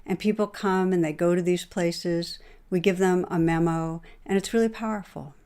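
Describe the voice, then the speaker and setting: A woman meditation teacher giving a dharma talk, telling a story in a gentle, measured way and closing with calm meditation instructions. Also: on the low side.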